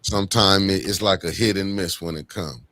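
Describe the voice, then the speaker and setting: A deep-voiced man hosts a casual livestream chat. He talks in loose slang and greets his viewers one by one by name. His tone stays low and easygoing. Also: moderate pace, pushed and bright. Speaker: livestream host.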